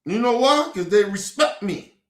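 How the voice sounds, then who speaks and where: A man ranting angrily and profanely on a livestream, repeating himself and breaking into shouts. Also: sits high, lively intonation, normal speed, noisy background. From Baltimore. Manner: angry, profane, repetitive, shouting bursts. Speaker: streamer. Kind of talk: heated livestream rant. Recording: roomy echo.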